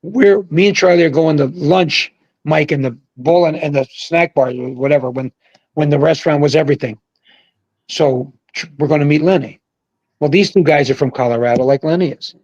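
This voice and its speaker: An older man, a former pro bowler, telling rambling, animated stories over a video call and shouting out the quoted lines. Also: fairly high pitch, moderate pace, no echo, muffled recording. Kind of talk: casual storytelling on a livestream. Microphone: video call mic.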